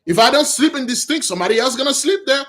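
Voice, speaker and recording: A man's voice: very high-pitched, expressive, fast talker, bright, forceful tone, voice pushed up, heavily acted. A man voicing a bewildered raccoon that whines and protests its innocence. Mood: indignant. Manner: whiny, protesting.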